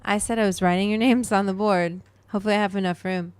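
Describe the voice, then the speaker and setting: A woman's voice: mid-range voice, steady tone, quick pace, a little mellow, clean tone. A woman hosting a casual livestream, rambling to her viewers and her pet as she goes. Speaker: livestream host.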